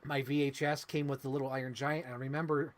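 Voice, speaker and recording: A man's voice: medium pitch, level tone, quick pace. A man co-hosting a film review talk show, chatting casually and emotionally with lots of fillers. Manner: rambling, emotional, many fillers. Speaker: podcast co-host. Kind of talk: casual movie review chat.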